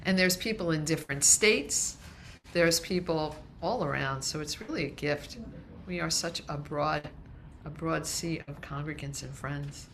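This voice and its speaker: A woman's voice: sits low, measured pace, a bit bright, slight background noise. A woman minister giving a light-hearted, conversational sermon to her congregation, with frequent restarts. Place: congregation meeting hall, also streamed.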